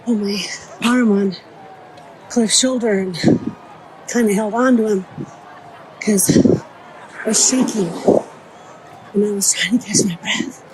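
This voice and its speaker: Middle-aged woman telling a story slowly outdoors. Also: mid-range voice, poor audio. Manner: breathless, vivid retelling. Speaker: vlogger. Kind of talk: storytime narration. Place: outdoors on a city street near a cemetery. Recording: street noise with passing traffic.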